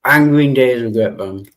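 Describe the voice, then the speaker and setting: A laid-back man hosts an open livestream chat and chuckles often between his remarks. His voice sits at an ordinary pitch. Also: a bit bright. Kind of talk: casual chat.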